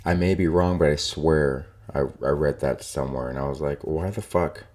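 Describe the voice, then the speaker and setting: A young man with an extremely low, dark voice rants casually on his own podcast. He is opinionated and profane, rambling through his points with plenty of filler words. The delivery is loose, like chatting to friends. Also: moderate pace. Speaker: podcast host. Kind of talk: casual solo podcast rant.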